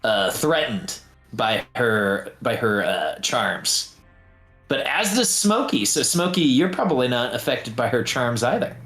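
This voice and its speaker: A man narrating a tabletop game as game master, talking in an animated way with frequent fillers. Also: mid-range voice, measured pace. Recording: echoey room, faint guitar music.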